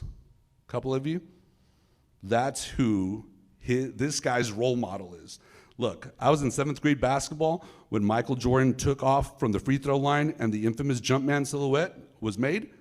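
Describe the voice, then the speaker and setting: A middle-aged man and former federal agent, telling a case story to a live audience in an animated way and acting out the dialogue. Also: medium pitch. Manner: animated, acts out dialogue, addresses the crowd directly.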